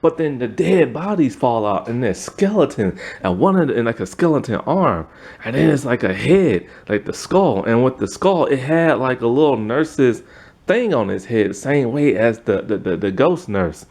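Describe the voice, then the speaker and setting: A man's voice: medium pitch, very animated, normal speed, a little mellow. Rambling man full of fillers. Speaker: TV episode reviewer. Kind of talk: casual spoken review, retelling a plot.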